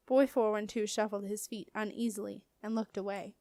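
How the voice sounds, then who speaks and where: A woman narrating a children's fantasy audiobook in a steady, clear storytelling voice. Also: mid-range voice, moderate pace, no echo. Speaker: audiobook reader.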